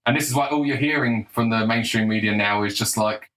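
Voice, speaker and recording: A man's voice: on the low side, a little fast, hardly any pauses, fairly bright tone, low-quality recording. Young guy ranting to camera, blunt and sarcastic, swears a lot. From England. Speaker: political commentator. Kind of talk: casual opinionated monologue.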